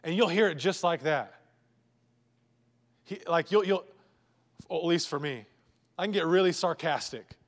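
A man preaching a sermon as pastor, emphatic and repetitive, swinging between loud urging and hushed, low lines. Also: measured pace, long pauses, big-room sound. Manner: emphatic, repetitive preaching with sudden drops to a hush.

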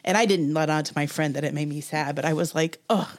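A woman's voice: low-pitched, steady tone, quick pace. A middle-aged woman from Southern Ohio, her accent mostly faded, candidly telling a personal story in a casual group chat. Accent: faint Ohio, mostly lost. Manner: candid, reflective storytelling, often laughing.

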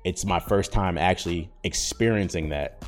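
A man's voice: low voice, normal speed, soft background music. A man around thirty talking in slangy casual chat as a podcast host, rambling with lots of fillers. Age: 30s.

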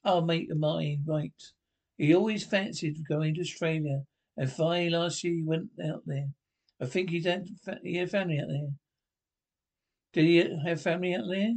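An actor playing a chatty working-class bloke telling a rambling anecdote about a mate, in a sketch comedy show. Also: male voice, fairly high pitch, steady tone, normal speed, a little mellow. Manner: rambling, casual, self-correcting storytelling.

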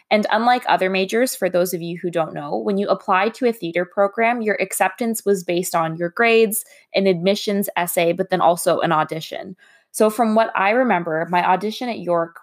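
A young adult woman who works as a recruiter hosts her own podcast, delivering a candid, chatty monologue full of self-deprecating humor. Her voice is medium in pitch.

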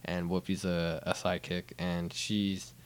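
A man's voice: low voice, level tone, unhurried, smooth. A man hosting a casual podcast chat, telling a rambling story full of fillers and tag questions. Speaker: podcast host.

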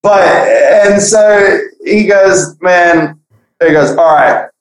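A young man casually telling a profane school story on a podcast, animated, acting out the people he quotes. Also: high-pitched, very slow. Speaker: podcast guest. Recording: echoey room.

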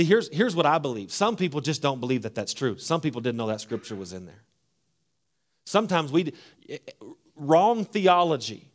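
A man preaching a sermon, swinging from hushed, low phrases to loud, emphatic ones. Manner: preaching with wide swings between hushed and loud, acting out voices. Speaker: pastor.

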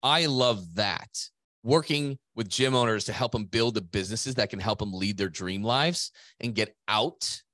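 A man's voice: lowish voice, unhurried, fairly bright tone, no room sound, clean studio sound. A middle-aged man co-hosting a business podcast, talking in an emphatic, motivational way and swearing casually. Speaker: podcast co-host, gym business coach.

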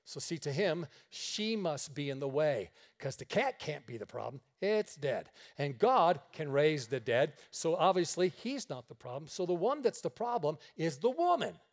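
A man's voice: a little high, sing-song, normal speed, hardly any pauses. Folksy, joking male preacher. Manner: folksy, joking, acts out dialogue. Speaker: pastor. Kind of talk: sermon with storytelling. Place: church meeting room.

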